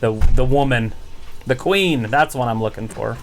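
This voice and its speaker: A man's voice: mid-range voice, normal speed, slight background noise. A man co-hosting a live stream, giving teasing, joking running commentary on wrestling. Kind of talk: casual chat over live wrestling.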